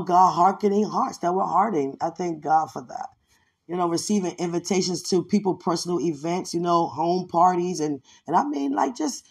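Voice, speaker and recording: Breathy woman giving a fervent testimony. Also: fairly low pitch. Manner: fervent and rambling, with many fillers. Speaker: podcast host giving a testimony. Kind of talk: devotional testimony monologue.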